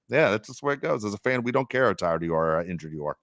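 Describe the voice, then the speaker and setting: Man, low voice, rambling sports podcast host, animated asides, dry sound. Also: very fast, hardly any pauses, no room sound. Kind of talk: casual sports podcast chat.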